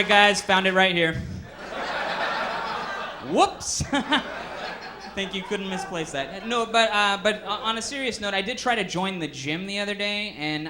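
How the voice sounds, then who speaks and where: A man's voice: high voice, moderate pace, noisy background. A man doing a stand-up comedy set on stage, telling stories with many fillers. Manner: storytelling with frequent fillers.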